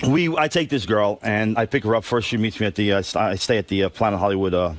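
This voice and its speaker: Brash middle-aged guy on a radio show, rattles his story off fast, cussing a lot. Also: on the low side. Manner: brash storyteller who swears freely. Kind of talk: telling a story on a talk show.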